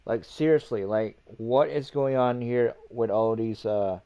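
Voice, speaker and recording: Male streamer host, mellow tone, rambling and repetitive, swears a lot. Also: medium pitch, measured pace, muffled recording. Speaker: livestream host. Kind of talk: casual livestream rant.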